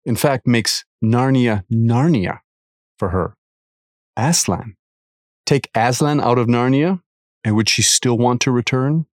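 A man reading a devotional article aloud, earnest and measured, with careful emphasis. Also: medium pitch, no echo, studio quality.

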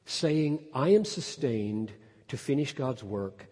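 A man preaching an expository sermon, emphatic, climbing to loud peaks and then dropping low. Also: animated, slow, slightly rough. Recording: long hall reverb.

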